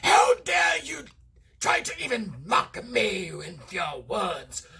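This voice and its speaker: A man voicing Megatron, a maniacal male robot villain, in a high, strained, shouting voice. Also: wildly swooping pitch, slow, creaky, husky, exaggerated voice. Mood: outraged.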